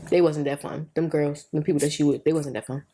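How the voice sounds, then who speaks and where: A woman's voice: low-pitched, fairly even intonation, fast, dark tone, slight background noise. A woman co-hosting a podcast, telling a story in casual chat, laughing and acting out what people said. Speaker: podcast co-host.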